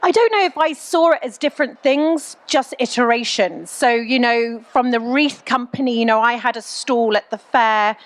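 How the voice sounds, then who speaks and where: Chatty middle-aged woman, slightly high voice. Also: moderate pace, few pauses. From England. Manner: chatty, frank, many ums and you-knows. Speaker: guest entrepreneur. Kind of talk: candid onstage Q&A storytelling.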